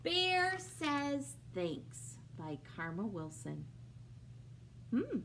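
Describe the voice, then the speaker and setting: Woman children's librarian, slow and lively read-aloud, asks kids questions, faint room hum. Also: a little high. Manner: slow, sing-song, asks young listeners questions. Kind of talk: preschool storytime read-aloud.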